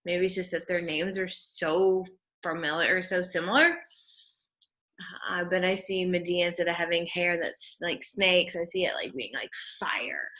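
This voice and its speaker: A woman's voice: lowish voice, fairly even intonation, moderate pace, bright, forceful tone. Chatty woman teaching literature. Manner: chatty, with many fillers. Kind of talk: casual classroom lecture.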